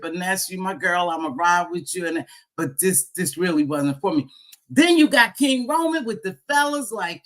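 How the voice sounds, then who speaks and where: Hosting a casual livestream, a woman talks straight to her viewers, playful and teasing, with plenty of exclamations. Her pitch is fairly low, her delivery animated and a bit bright, at a moderate pace.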